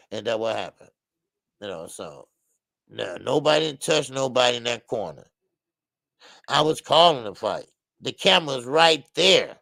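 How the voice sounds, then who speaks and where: A man's voice: a little high, gravelly, no echo. Heated male boxing show host. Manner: heated, animated, repetitive fillers. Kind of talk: casual opinionated commentary.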